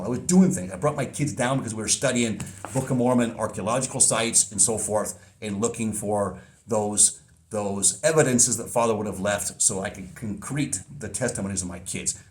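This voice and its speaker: A middle-aged man hosting a podcast, talking in a casual, rambling monologue with frequent restarts. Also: mid-range voice. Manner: rambling, repeats words and restarts. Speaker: podcast host.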